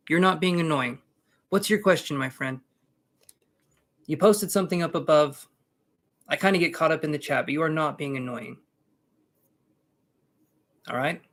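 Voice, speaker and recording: A man's voice: fairly high pitch, moderate pace, long pauses. A man giving tarot readings on a live stream, chatting casually with viewers in a jokey, reassuring way. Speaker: tarot reader.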